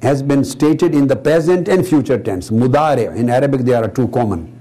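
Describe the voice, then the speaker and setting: A man's voice: mid-range voice, lively intonation, brisk, mellow, breathy edge. A man giving a religious lecture, explaining the grammar of a text and repeating key words to drive his point home. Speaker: Islamic scholar and speaker. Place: Islamic center hall.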